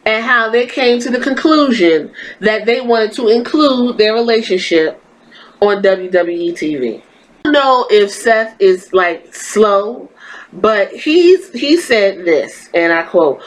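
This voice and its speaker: A woman's voice: mid-range voice, animated, takes it slowly, poor audio. A woman hosting a podcast, delivering blunt, profane and exasperated commentary on wrestling. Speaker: podcast host.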